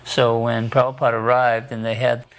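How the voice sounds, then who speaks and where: A man narrates a documentary segment in a casual, matter-of-fact way. His voice sits at a middling pitch and stays flat. He hesitates often as he goes. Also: moderate pace.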